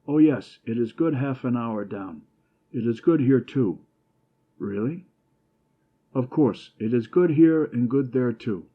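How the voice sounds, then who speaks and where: A man voicing a drunk, boastful old Italian fishing guide who talks rapidly in broken English. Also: mid-range voice, expressive, phone-quality sound. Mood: excited.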